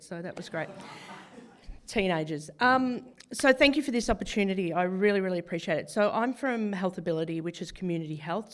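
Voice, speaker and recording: Croaky aussie woman talking at a church event, lowish voice. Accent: Australian. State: hoarse from cheering. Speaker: community mental health service speaker. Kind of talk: informal presentation.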